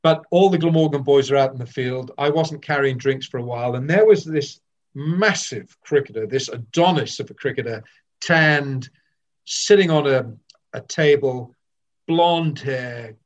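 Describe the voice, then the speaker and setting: An older man from Wales telling candid stories of his cricket career, lively and with frequent restarts. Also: medium pitch, a little slow, highs cut off. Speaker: former cricketer. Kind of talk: reminiscing storytelling.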